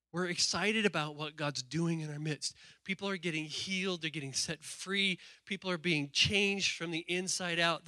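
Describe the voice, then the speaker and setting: High, bright-voiced animated preacher. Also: male voice, no echo, clean studio sound. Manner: animated, joking storyteller. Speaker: pastor. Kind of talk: sermon.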